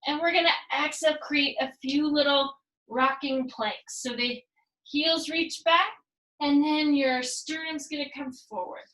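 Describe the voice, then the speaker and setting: A woman instructor leading a yoga and fitness class, calmly cueing each movement and counting reps down, sometimes adding Spanish phrases. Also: sits high, unhurried, reverberant, low-quality recording. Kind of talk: guided workout instruction with counting.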